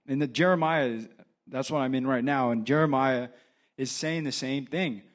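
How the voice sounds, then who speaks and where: A young assistant pastor delivers a casual sermon, acting out the story's dialogue with animation. His medium-pitched voice moves a little fast.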